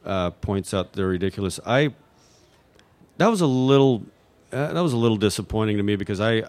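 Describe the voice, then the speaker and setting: A man's voice: lowish voice, expressive, brisk, a little mellow, no echo. A man from New Mexico answering audience questions in a rambling, unscripted way, hesitating and restarting often. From New Mexico, USA. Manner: hesitant, full of fillers and restarts. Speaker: guest at audience Q&A.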